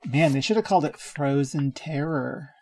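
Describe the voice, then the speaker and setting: A man co-hosting a casual podcast film review. He talks in a dry, measured way, full of wry understatement. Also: on the high side, a little mellow. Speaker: podcast co-host.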